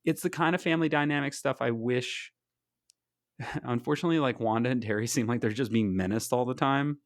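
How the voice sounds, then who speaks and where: A man's voice: medium pitch, fairly quick, dry recording, studio quality. A man co-hosting a podcast, chatting casually about comics in an enthusiastic, rambling way with lots of fillers. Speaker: podcast co-host.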